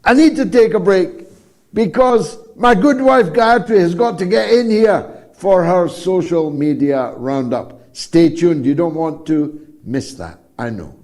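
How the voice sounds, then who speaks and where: An older man hosting a live talk show, speaking emphatically and rhetorically with a slow, deliberate delivery. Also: high voice, lively intonation, a little mellow.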